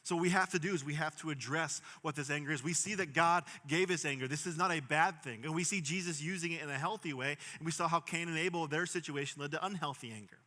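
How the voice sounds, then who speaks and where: Young man, pastor, sermon, earnest, bright voice, reverberant hall. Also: on the high side, fast, hardly any pauses. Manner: earnest, rising to emphatic bursts then dropping soft.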